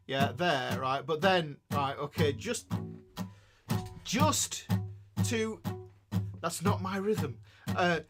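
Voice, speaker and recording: Brief: Northern English male guitar tutor, middle-aged, animated rising-and-falling delivery, fairly high voice, keeps checking in with viewers. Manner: chatty, self-correcting, checks in with listeners. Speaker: guitar teacher. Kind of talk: live-streamed guitar lesson.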